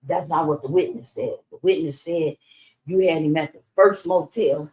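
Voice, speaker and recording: In a roughly recorded casual interview, a middle-aged Los Angeles woman recounts her life, swearing freely and doing voices for the people she describes. Her voice is low and dark, and she speaks at a normal speed.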